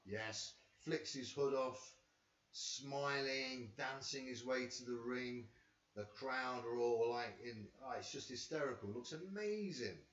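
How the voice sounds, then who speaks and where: A tired man hosts a rambling, excitable boxing watch-along from his front room, talking into a camera and swearing casually. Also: medium pitch, a little slow. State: tired after a sleepless night. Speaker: boxing channel host. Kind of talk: live fight watch-along commentary. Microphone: camera he talks into. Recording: echoey room, far from the mic, dull sound.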